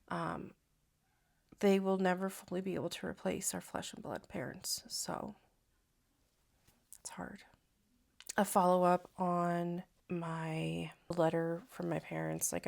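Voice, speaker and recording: A young woman, a stay-at-home mom, talking to camera in a casual vlog, soft and reflective with many hesitant fillers. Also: on the low side. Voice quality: gravelly vocal fry.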